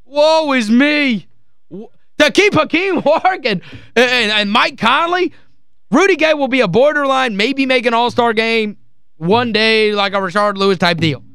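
A sports radio host with a very high-pitched voice, worked up and exasperated, stacking repeated phrases on top of each other as he rants. The studio sound is close and dry, with no room around him. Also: moderate pace, sharp tone, clean tone, no echo. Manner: heated, exasperated, emphatic ranting. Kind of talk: call-in sports talk rant.

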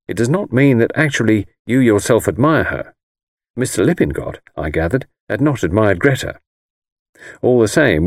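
A man reading a first-person novel aloud in a measured, wry, conversational manner. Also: on the low side, no echo, clean studio sound. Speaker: audiobook narrator.

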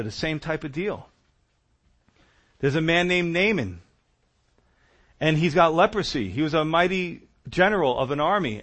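A man preaching a sermon, telling stories in a conversational, animated way. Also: fairly high pitch.

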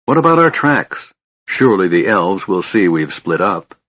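A man reading aloud voices an honorable male knight who is out of breath, in a husky, low voice. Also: big pitch swings, normal speed, no echo, highs cut off, exaggerated voice. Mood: earnest.

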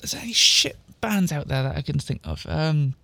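A man's voice: a little high, huge pitch swings, normal speed, gravelly, bright, forceful tone, dry recording. A man reading fan fiction aloud in a mocking, dramatic way, breaking off with sarcastic asides. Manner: mocking, exaggerated dialogue voices. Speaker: comedic reader of fan fiction.

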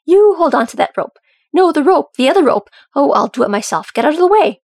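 A woman's voice: mid-range voice, fast, vocal fry, dry recording, clean studio sound. A woman reading a storybook, voicing a fussy, grumpy male dwarf quartermaster who screeches his orders. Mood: screeching. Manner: screeching, bossy, irritable.

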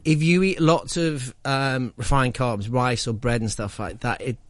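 A man's voice: mid-range voice, fairly even intonation, unhurried. An enthusiastic man talking casually on a radio show, his sentences full of restarts and fillers. He sounds eager and talkative. The sound is close and very dry, with no room echo. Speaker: guest cook.

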